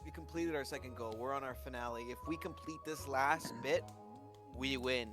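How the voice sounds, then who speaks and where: A man's voice: medium pitch, normal speed, music in the background. A man who is a player in a streamed role-play game, confident and teasing.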